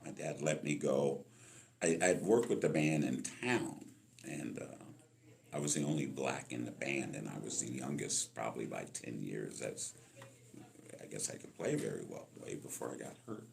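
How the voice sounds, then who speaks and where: A man in his sixties from Los Angeles, a musician telling stories from his life as a guest in an interview, animated and acting out the people in them. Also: a bass voice, moderate pace, vocal fry. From Los Angeles, California. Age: 60s. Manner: animated storyteller, acts out voices in his anecdotes. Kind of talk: storytelling interview.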